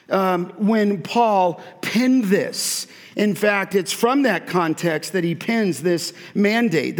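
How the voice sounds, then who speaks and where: High-voiced male preacher in a reverberant hall. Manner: earnest, emphatic preaching with frequent restarts. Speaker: pastor. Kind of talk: sermon.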